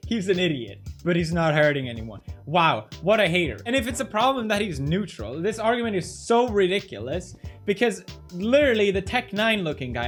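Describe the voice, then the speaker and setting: Sarcastic high-voiced man commentating. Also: big pitch swings, normal speed, a bit bright, faint music behind. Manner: sarcastic, mocking, laughing asides. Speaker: commentary host. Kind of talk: reaction commentary.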